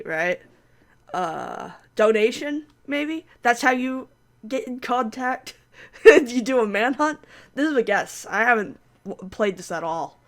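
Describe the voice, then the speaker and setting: A young woman playing a story game, reading it aloud and making chatty, self-mocking comments. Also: on the high side. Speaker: gamer.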